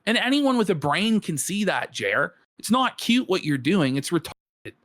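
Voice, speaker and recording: A man's voice: high-pitched, big pitch swings, normal speed, a bit bright, dry recording, clean studio sound. A man co-hosting a podcast, reacting to a clip with a profane, mocking rant. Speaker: podcast co-host.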